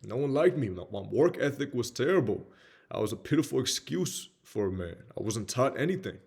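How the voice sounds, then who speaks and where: A man's voice: medium pitch, animated, brisk, creaky, darkish tone, breathy edge. A young man with a Southern US accent giving a blunt, candid motivational talk about his own life. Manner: blunt, slangy, peppered with "man". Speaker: motivational speaker.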